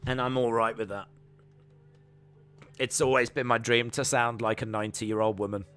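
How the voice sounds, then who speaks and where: Over soft background music, a man hosts a live fight watch-along, reading viewer comments, chatting with them and calling each exchange play-by-play. He speaks at a moderate pace in a mid-range voice with little pitch movement and a clean, fairly bright tone.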